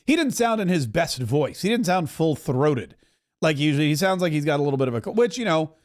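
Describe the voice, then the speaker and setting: A man with a fairly high, animated voice hosts a live stream, talking a little fast. He comments casually and wryly over a broadcast, podcast-host style, and thanks viewers for their donations.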